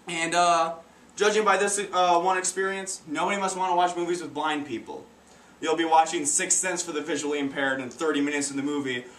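Here the teenage comic's voice sits fairly high and a bit bright, moving briskly while he keeps stumbling and restarting his jokes in an awkward way. It's captured from a distance in a roomy space, with faint background noise.

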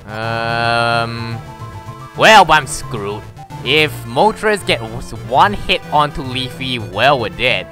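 A man's voice: medium pitch, lively intonation, takes it slowly, pushed and bright, soft background music. A man giving casual let's-play commentary, exasperated and swearing mildly at the game. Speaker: gamer.

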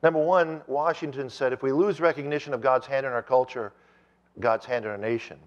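Male preacher, sermon, animated storytelling, middle pitch, muffled lo-fi recording. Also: fairly quick. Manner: animated storytelling, with rising emphasis.

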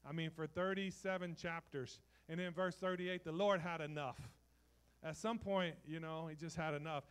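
Preaching man, soaring then hushed. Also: fairly high pitch, steady tone, moderate pace, smooth. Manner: preaching with loud dramatic swells, then dropping to soft, intimate talk. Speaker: pastor. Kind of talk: sermon. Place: church sanctuary.

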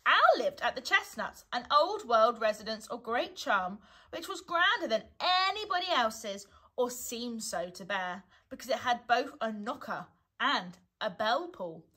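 Brief: teacher reading a storybook to children, bright and lively, never rushed. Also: female voice, fairly high pitch, breathy edge. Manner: gentle, unhurried storytelling with a lively lilt. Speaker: primary school teacher reading aloud. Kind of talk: children's storybook read-aloud.

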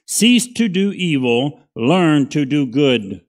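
A middle-aged pastor leads a Bible study, talking it through like a conversation with his congregation. His voice sits a little higher than most men's, and he keeps checking in with a quick "right?" as he goes. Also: animated. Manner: conversational, folksy, asks "right?" often.

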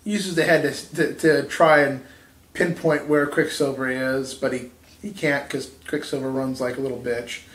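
A man's voice: mid-range voice, fairly even intonation, moderate pace, fairly bright tone. Profane, rambling man in an echoey room. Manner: rambling, profane, laughs at his own jokes. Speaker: podcast co-host. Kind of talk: casual storytelling chat.

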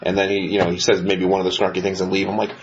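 Man, podcast co-host, quick rambling stories, swears a lot, dull lo-fi sound. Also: sits low. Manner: profane, rambling, animated storyteller. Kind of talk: casual storytelling chat. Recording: muffled lo-fi recording with faint hiss.

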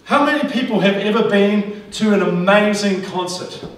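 A high-voiced male pastor preaches a sermon at a normal pace in a large church auditorium. He's energetic and exclamatory, laughing often, and the distant mic picks up a very echoey hall.

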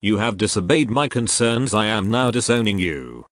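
Deep-voiced man, stiff formal comedy dub. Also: lively intonation, moderate pace, a little hiss or hum. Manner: formal, overly wordy delivery. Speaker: voice actor dubbing a comedy sketch parody. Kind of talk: comedic dub of cartoon sketches.

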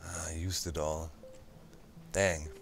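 A man hosting a gameplay channel, chatting casually and thinking out loud as he plays, throwing in little sound effects. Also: rumbling low, level tone, slow, soft background music. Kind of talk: casual let's-play commentary.

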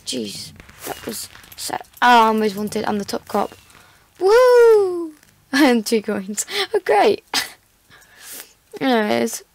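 Woman gamer, fry in the voice, a bit high, joking commentary over soft music. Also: slow, long pauses. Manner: chatty, playful and self-mocking. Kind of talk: casual gameplay commentary. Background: faint background music.

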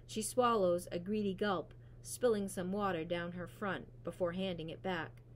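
A woman reading a novel aloud in a steady, even narration. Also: on the low side, moderate pace, hardly any pauses, slight background noise. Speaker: reader. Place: school library.

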